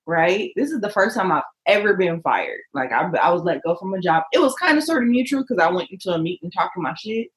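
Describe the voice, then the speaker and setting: A woman co-hosting a casual chat, an animated, joking storyteller. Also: fairly low pitch, quick pace, few pauses, roomy sound, rough recording. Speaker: podcast co-host.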